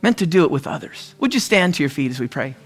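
A man from the US Northwest preaching a conversational sermon, telling stories and often clearing his throat. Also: fairly high pitch, animated, fast talker, soft background music. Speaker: pastor.

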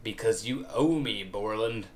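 A man voicing a grumpy, jealous male inventor who blusters indignantly, pitched higher and louder than his own voice. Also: measured pace, close to an everyday voice. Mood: blustering.

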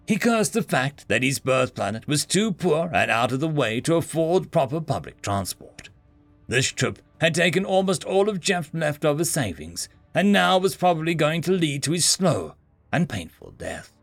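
Guy reading a comic space story, lively voice, bit of gravel, dry room, music faint underneath. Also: a little high, moderate pace, dry recording. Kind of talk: storytelling narration.

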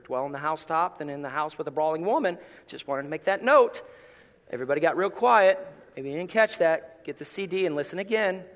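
A middle-aged man, a pastor, preaching a sermon with animated storytelling and playful asides. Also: fairly high pitch, long reverb tail.

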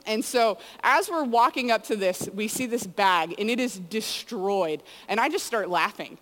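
A woman's voice: mid-range voice, expressive, measured pace, a bit bright. Woman youth speaker, casual sermon, chatty storytelling, lots of reverb like a big hall. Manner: chatty storytelling with frequent "like" and "you know".

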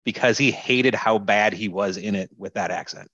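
A man with a fairly low voice co-hosts a casual chat, relaxed and plain-spoken as he lays out his points. The recording sounds slightly dull and muffled, and it is dry with no room echo. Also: moderate pace. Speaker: podcast co-host. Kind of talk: casual chat about movies.

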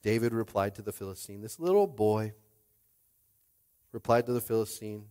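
A man preaching a rousing sermon, swinging from hushed asides to shouted climaxes. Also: fairly low pitch, expressive, normal speed, smooth. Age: adult with a young child. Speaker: pastor.

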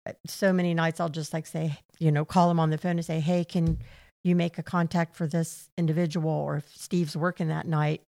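A woman with a low, dark, gravelly voice talks as a guest in a casual interview. She tells stories about her work and voices the people she talks with. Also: flat delivery, fairly quick. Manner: warm storytelling, acts out conversations. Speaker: clinic volunteer guest.

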